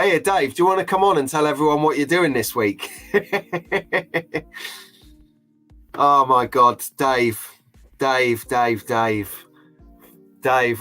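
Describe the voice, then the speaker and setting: A man's voice: mid-range voice, sharp tone. A middle-aged man hosting a live stream in a chatty, jokey, openly emotional way. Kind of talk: casual live-stream chat.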